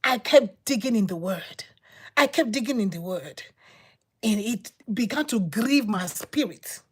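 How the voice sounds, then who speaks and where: A woman giving a personal testimony as a sermon, telling her story with repetition and dramatic pauses. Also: medium pitch, animated, breathy edge. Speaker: preacher.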